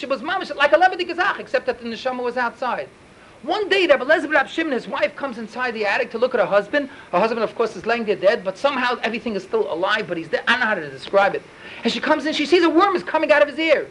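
Fast, high-voiced man teaching Talmud. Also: low-quality recording. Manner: animated, rapid storytelling peppered with Yiddish and Hebrew terms. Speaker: Torah teacher. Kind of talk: Talmud lesson storytelling.

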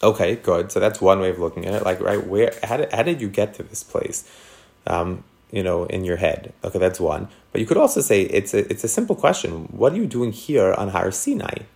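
A man's voice: low voice, very animated, a little fast, vocal fry, darkish tone. A man teaching a text class on scripture, asking his students questions and thinking aloud as he explains. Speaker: Torah teacher.

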